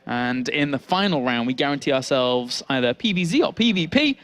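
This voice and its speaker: A man with an English accent commentating an esports match, chatty and quick to laugh, with announcer flourishes. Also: mid-range voice, big pitch swings, fairly bright tone. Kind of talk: play-by-play game commentary.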